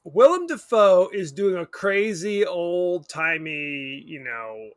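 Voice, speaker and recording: A man's voice: high-pitched, expressive, takes it slowly, no room sound. A man co-hosting a podcast, talking about a movie in a rambling, wry way and often correcting himself. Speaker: podcast co-host. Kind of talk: casual movie chat.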